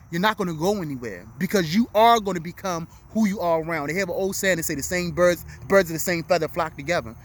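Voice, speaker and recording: A man's voice: high-pitched, fast, few pauses. A middle-aged man recording a heartfelt motivational talk outdoors at dusk, speaking earnestly and emotionally and repeating his key phrases. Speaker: vlog host. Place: outdoors at dusk, urban street.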